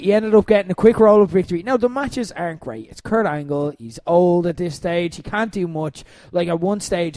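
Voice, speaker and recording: A man co-hosting a podcast, chatting casually, animated and laughing often as he swears now and then. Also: high voice, dry recording. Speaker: podcast co-host. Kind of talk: casual chat.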